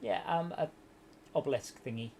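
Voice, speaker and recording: Lively man griping over gameplay. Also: on the high side, moderate pace, gravelly, slight background noise. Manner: exasperated running commentary, stumbling restarts. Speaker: streamer hosting a game night. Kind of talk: casual gameplay chat.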